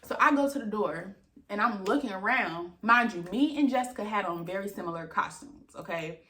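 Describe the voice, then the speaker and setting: A woman's voice: mid-range voice, normal speed, roomy sound. A young woman casually telling an exasperated storytime, acting out quoted dialogue and swearing as she goes. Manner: animated, exasperated retelling with lots of quoted dialogue and cursing. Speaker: vlogger.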